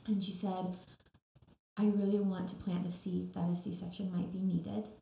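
A woman's voice: fairly low pitch, level tone, moderate pace, vocal fry, warm tone. A young woman telling her own story as a podcast guest, earnest and tender, with frequent fillers. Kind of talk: personal story in interview. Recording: echoey room.

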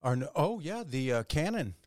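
A middle-aged man co-hosting a podcast in casual banter, teasing and crude, quick with a joke. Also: fairly high pitch, very animated, darkish tone, dry recording, clean studio sound. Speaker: podcast co-host. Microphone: camera recorder mic.

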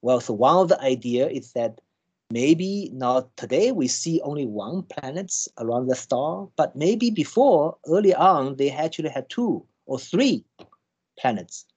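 Halting man explaining with many restarts. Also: a little high, expressive, darkish tone, slightly rough. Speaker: scientist guest. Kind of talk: conversational explanation.

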